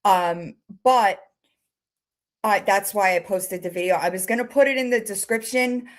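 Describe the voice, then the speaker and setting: A woman streaming and chatting casually, swearing freely and cooing to her cats in a high baby voice. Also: moderate pace, rough recording. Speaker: streamer reacting to videos. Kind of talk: casual chat.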